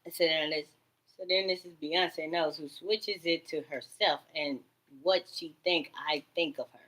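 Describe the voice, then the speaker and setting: A woman vlogging in a rambling monologue, swinging between loud outbursts and low mutters, and swearing freely. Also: fairly even intonation, measured pace, poor audio.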